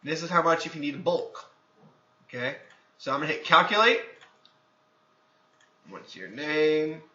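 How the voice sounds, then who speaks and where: Bright-voiced man explaining casually in an echoey room. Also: on the high side, expressive, fairly quick. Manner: conversational, many filler phrases. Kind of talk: casual screen-recorded tutorial. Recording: echoey room, dull lo-fi sound.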